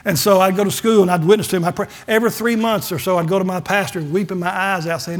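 High-voiced pastor telling stories. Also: male voice, steady tone, fast. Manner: folksy storytelling, acts out dialogue, gets emotional. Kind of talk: sermon testimony.

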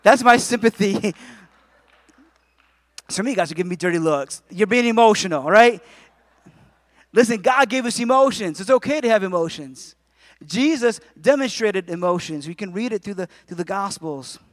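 Man, forties, pastor, sermon, conversational with jokes, high pitch, dry close sound. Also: animated, normal speed, no room sound. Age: 40s. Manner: conversational preaching with jokes and voiced asides.

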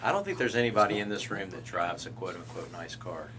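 A man with a low, bright, edgy voice leads a relaxed podcast chat among bandmates. His pitch swings widely as he steers the talk, and he laughs easily. A faint hiss sits under the recording. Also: fast. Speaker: podcast host, band member. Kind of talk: casual chat.

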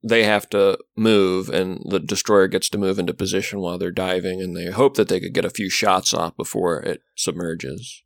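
A man chatting casually about a film, making measured, analytical remarks. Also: deep voice, fairly even intonation, creaky, no room sound.

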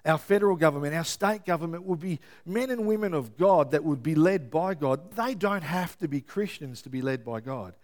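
A man preaching a sermon as pastor, lively and often checking in with his listeners. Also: fairly high pitch, moderate pace, few pauses. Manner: lively, keeps checking in with the congregation.

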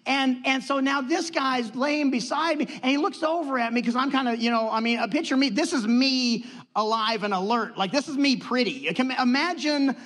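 High-voiced man preaching in a reverberant hall. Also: normal speed, hardly any pauses. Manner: animated storytelling, acts out quotes. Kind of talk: sermon with personal story.

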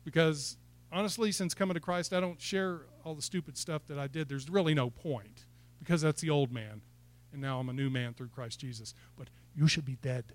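A man's voice: fairly high pitch, brisk. A man preaching a sermon in church, building to fired-up exhortation and asking the congregation questions. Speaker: pastor.

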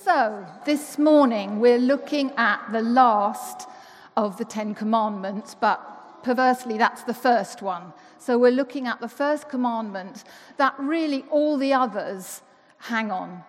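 Speaking unhurriedly in a slightly high voice, a church member delivers a conversational sermon to her congregation. She's chatty and playful, full of rhetorical questions, and the church hall lends a long reverb.

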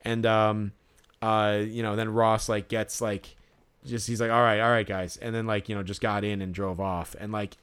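A man's voice: lowish voice, level tone, normal speed, smooth. Rambling, foul-mouthed podcast co-host guy. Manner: rambling, swears often, heavy use of "like". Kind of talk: casual storytelling chat.

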